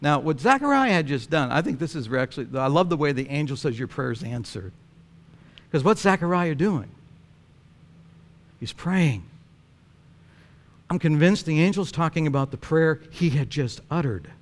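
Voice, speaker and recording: A male pastor delivering a sermon in an animated, storytelling manner, with frequent chuckles. His speaking voice sits somewhat high for a man. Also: normal speed, long pauses.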